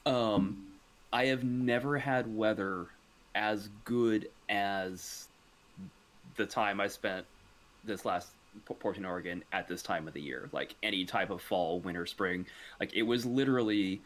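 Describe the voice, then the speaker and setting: A man's voice: on the low side, a little slow, fairly bright tone. A man co-hosting a casual podcast, rambling with restarts and casual swearing. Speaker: podcast co-host. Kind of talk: casual chat.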